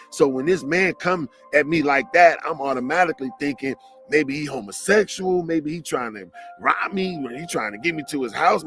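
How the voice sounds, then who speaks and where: A man from Detroit preaches motivation through a story, loose and slangy, laughing as he goes. His voice sits a touch high for a man. Soft music plays under him. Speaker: motivational speaker.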